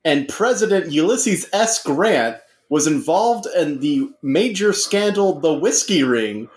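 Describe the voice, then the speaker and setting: A man co-hosting a comedy podcast, joking through deadpan asides and banter. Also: on the high side, takes it slowly. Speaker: podcast co-host.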